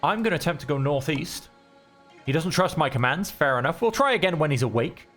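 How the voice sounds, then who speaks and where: A man giving relaxed, chatty commentary while playing a video game, thinking aloud as he goes. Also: a little high, brisk, faint music behind. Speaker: gameplay streamer. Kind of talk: relaxed let's-play commentary.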